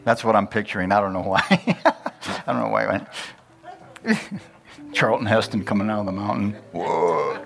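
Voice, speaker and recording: A man's voice: lowish voice, fairly even intonation, moderate pace, vocal fry, pauses often. Folksy man preaching with a chuckle. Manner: folksy, laughing often, acting out Bible figures. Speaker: pastor. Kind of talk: sermon.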